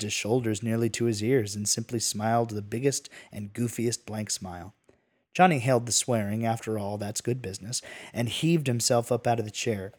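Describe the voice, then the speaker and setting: A man's voice: lowish voice, fairly even intonation, normal speed, darkish tone. A man narrating a western tale in a folksy, casual manner with asides. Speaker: storyteller.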